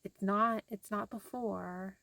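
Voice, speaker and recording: A woman's voice: mid-range voice, fairly even intonation, slow pace, creaky, pushed and bright, no echo. A young woman vlogging casually to camera, rambling with many fillers, tired and frustrated.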